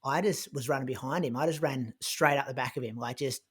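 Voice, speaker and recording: A man on a podcast, casually retelling a race in a chatty way, full of "like" and quick restarts. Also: mid-range voice, husky. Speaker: podcast co-host recounting his race. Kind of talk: casual conversational storytelling.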